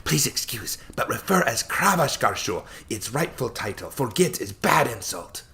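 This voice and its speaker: A man voicing an earnest female orc envoy who speaks slow, halting, broken English with a thick accent. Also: mid-range voice, sing-song, pushed and bright, voice pushed up. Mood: formal, earnest.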